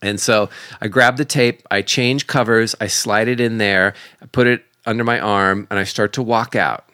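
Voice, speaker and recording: A man's voice: fairly low pitch, moderate pace, clean tone, no room sound, studio quality. A man co-hosting a podcast, telling a funny story in casual chat with lots of laughter and acted-out voices. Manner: animated, laughing storyteller acting out quoted voices. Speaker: podcast co-host.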